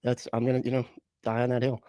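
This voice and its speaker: A man's voice: mid-range voice, monotone, fast, warm tone, no room sound, studio quality. A man hosting a live stream in casual chat, greeting viewers with rambling, chuckling, self-correcting asides.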